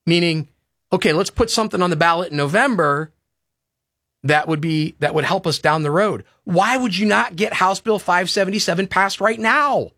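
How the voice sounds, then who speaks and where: A man's voice: sits high, normal speed, bright, forceful tone, no room sound, studio quality. A man hosting a talk radio show, ranting and pleading in a heated, impassioned way.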